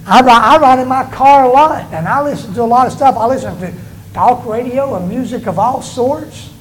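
A male pastor preaching a sermon in church, with emphatic delivery that rises and falls and slows down on stressed words. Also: extremely high pitch, a little hiss or hum, low-quality recording.

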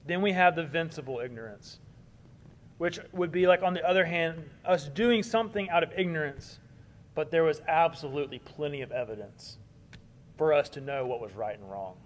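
Earnest preaching man, slightly high voice. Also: normal speed. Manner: earnest, building emphasis then softening. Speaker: pastor. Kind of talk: sermon.

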